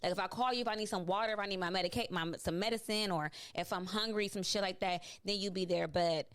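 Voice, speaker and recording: A woman's voice: medium pitch, fast, fairly bright tone, smooth. A woman hosting a podcast in casual, blunt chat, swearing freely and laughing often. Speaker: podcast host.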